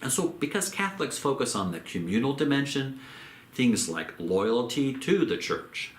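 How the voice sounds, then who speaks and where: A man giving a theology lecture in a measured way, repeating phrases and slowing down on key terms. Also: medium pitch, big pitch swings, roomy sound. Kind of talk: recorded lecture.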